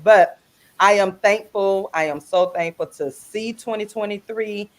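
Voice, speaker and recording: A woman co-hosts a casual radio talk show, chatting warmly with the panel and calling out to listeners. Her voice sits at a middle pitch, and she laughs easily and keeps the banter moving. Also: a little slow. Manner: animated, laughs easily, greets listeners by name. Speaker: radio show guest co-host.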